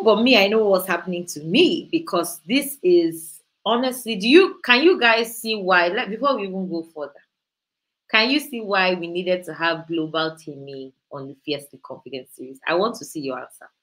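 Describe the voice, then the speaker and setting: A woman's voice: on the low side, normal speed, a bit bright, poor audio. Host: a fervent woman giving a faith talk on a video call, emphatic. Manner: impassioned and preachy, rising to emphatic peaks. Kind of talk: faith-based motivational talk.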